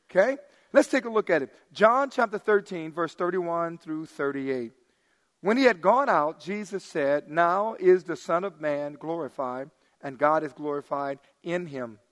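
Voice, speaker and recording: A middle-aged male pastor preaches in a lively, high-pitched voice. He alternates loud, emphatic bursts with quiet, hushed asides, and a long reverb makes it sound like a church sanctuary.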